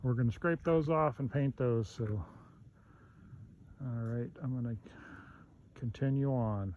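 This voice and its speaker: A man casually explaining his work outdoors in the woods as he goes, in a halting way with many fillers, recorded on a handheld camera. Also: mid-range voice, a little mellow, lo-fi sound. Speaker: vlogger marking property boundary trees. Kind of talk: casual how-to narration while working. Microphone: handheld camera mic. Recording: outdoor camera audio with background noise. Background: outdoor nature sounds.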